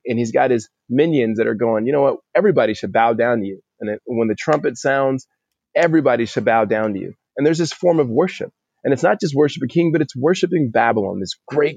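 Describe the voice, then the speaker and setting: A man's voice: medium pitch, a little mellow, no room sound. A man teaches through a Bible chapter on a podcast in an earnest, conversational way, restarting phrases as he thinks. The sound is dry with no room to it and a little dull, like a lo-fi mic. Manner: earnest, repeats words as he thinks. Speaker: pastor.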